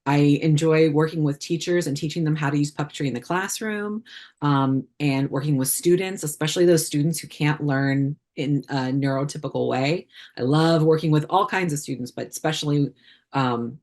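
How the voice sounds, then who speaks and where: A puppeteer appears as a podcast guest, speaking casually in a low-pitched, darkish voice at a moderate pace. In this relaxed interview chat she wanders through her answers, chatty and full of ums, fillers, and false starts.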